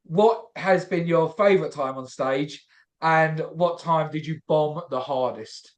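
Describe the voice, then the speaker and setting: Male podcast host, slightly high voice, relaxed rambling questions. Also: measured pace. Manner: relaxed, loose questions with fillers. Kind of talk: casual interview chat.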